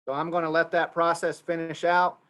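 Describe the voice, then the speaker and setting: Man, Oklahoma accent, webinar host on a video call, slightly high voice, folksy and repetitive. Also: level tone, fairly quick, a bit bright, clear, resonant tone. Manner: loose, repeats himself, folksy. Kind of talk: casual announcements on a video call.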